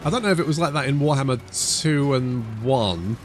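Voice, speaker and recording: Over soft background music, a gaming YouTuber from Britain talks through a strategy game in a casual let's-play style. His medium-pitched voice moves fairly quickly as he rambles chattily and throws in jokes.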